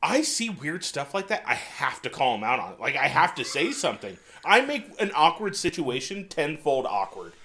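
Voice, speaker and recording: Dude, bright tone, rambling jokey chat. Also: male voice, a little high, big pitch swings, normal speed, few pauses, slight background noise. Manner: rambling, joking, gets loud when retelling. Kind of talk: casual chat.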